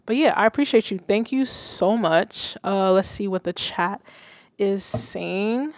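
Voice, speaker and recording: Gravelly, candid young woman streamer. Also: mid-range voice, normal speed, dry recording. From Haiti. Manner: candid, swears freely, laughs easily. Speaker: host of a music listening stream. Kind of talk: casual live-stream music feedback. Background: submitted song playing.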